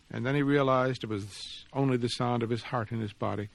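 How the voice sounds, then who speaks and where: A man, the author, reading his own story aloud in an expressive, measured storytelling voice. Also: medium pitch, gravelly, no room sound. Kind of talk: dramatic reading of fiction and reflective commentary.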